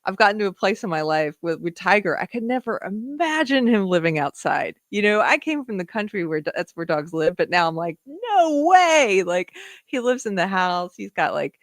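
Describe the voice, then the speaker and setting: A woman's voice: lowish voice, lively intonation, moderate pace, no echo, clean studio sound. A woman from the southern United States hosting a livestream, chatting casually, laughing often and talking to her dog. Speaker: livestream host. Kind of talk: casual livestream chat reading viewer comments.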